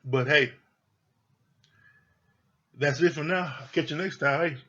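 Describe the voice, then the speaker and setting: A man's voice: on the high side, measured pace, sharp tone. A man giving a casual, heated review of a reality TV show, talking bluntly and swearing freely. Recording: dull lo-fi sound.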